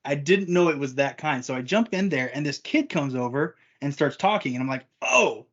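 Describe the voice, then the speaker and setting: A man's voice: a little high, expressive, normal speed, a bit bright, muffled recording. A man co-hosting a casual podcast chat, telling a rambling anecdote and laughing often. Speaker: podcast co-host.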